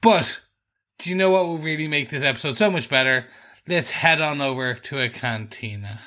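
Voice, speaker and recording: A man co-hosting a podcast, giving a relaxed, chatty TV episode review. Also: on the high side, moderate pace. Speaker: podcast co-host. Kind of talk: casual chat.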